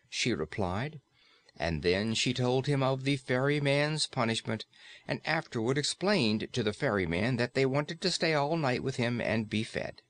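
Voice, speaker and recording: A man narrating a classic fairy-tale audiobook in a steady, expressive storytelling way. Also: mid-range voice, normal speed.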